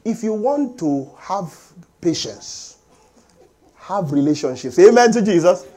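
A middle-aged man preaching a sermon as pastor, animated and calling for amens from the congregation. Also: high voice, unhurried. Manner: animated preaching with call-and-response.

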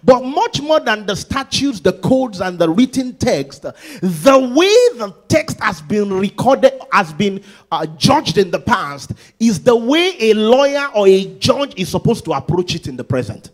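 Very animated yet a little slow, a man preaches a sermon that swings from sung-out shouts to low, conversational asides. He keeps repeating words and restarting phrases.

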